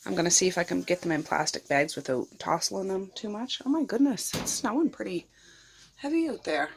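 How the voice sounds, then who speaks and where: A woman's voice: mid-range voice, lively intonation, brisk, slight background noise. A middle-aged woman vlogging her day at home on a handheld phone, talking in a chatty, homely way straight to her viewers. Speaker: vlogger and mother. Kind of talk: casual day-in-the-life vlog narration. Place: home and car, in Nova Scotia. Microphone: handheld phone camera.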